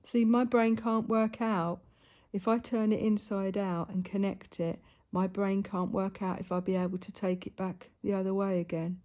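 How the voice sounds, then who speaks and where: Speaking at a moderate pace with hardly any pauses, the middle-aged woman has a dark-toned, mid-range voice and fairly even intonation. She's a sewing vlogger chatting casually as she sews, wandering through stories and frequently whispering asides, captured by a camera close in front.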